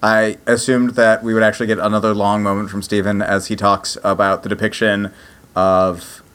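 A man's voice: lowish voice, flat delivery, moderate pace, fairly bright tone, smooth. A man co-hosting a podcast in casual chat, teasing the others and joking often. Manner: teasing, jokey, laughs often. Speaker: podcast co-host.

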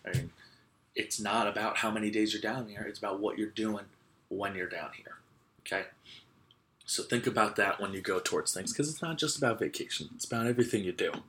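A man's voice: fairly low pitch, a little fast, fairly bright tone, slight background noise. Young man rambling through a podcast story. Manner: rambling, lots of "like" and restarts; laughs while telling stories. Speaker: podcast host.

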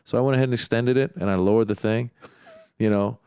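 A man's voice: medium pitch, fast, clear, resonant tone, no room sound, clean studio sound. A man in casual conversation, telling an exasperated story about his neighborhood. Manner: relaxed, exasperated retelling.

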